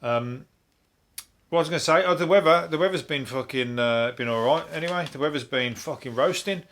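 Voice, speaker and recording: A Birmingham comedian with a fairly high, slightly bright voice hosts a comic news monologue at a somewhat fast pace. He rambles, swears, laughs and drifts off on digressions.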